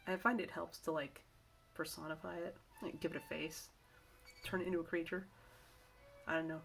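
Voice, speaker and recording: A middle-aged woman talks casually to camera, rambling from one aside to the next and restarting her sentences. Her voice sits a little low for a woman. Faint music plays in the background. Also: fairly even intonation, moderate pace, vocal fry, long pauses. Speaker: vlogger giving work-from-home tips.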